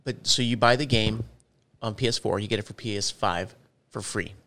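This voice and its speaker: Male podcast co-host, low voice, loose rambling storyteller. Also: normal speed, fairly bright tone. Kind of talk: casual chat.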